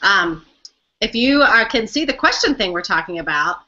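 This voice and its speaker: A woman's voice: mid-range voice, very animated, moderate pace, pushed and bright. A young woman co-hosting a casual live-stream fan chat, chatty and giggly, easily distracted. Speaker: co-host of a fan chat show. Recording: dull lo-fi webcam audio.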